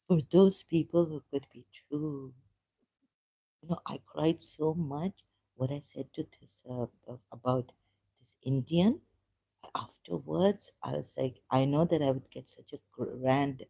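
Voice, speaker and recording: A woman with a Sindhi Khoja accent, talking on a live stream in a halting, rambling way, often searching for words and slipping into Hindi-Urdu. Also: sits low, dark tone.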